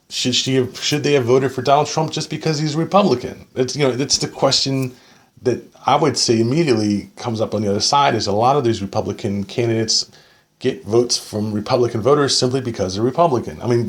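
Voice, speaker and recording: A man reading an article aloud and arguing with it point by point, sarcastic, often tagging his points with "okay?". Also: mid-range voice. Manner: sarcastic asides. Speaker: political commentator.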